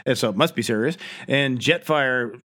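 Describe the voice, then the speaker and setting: A man's voice: medium pitch, normal speed, fairly bright tone. Swearing, laughing man podcast co-host. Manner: laughs often, swears, exasperated asides. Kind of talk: casual recap chat.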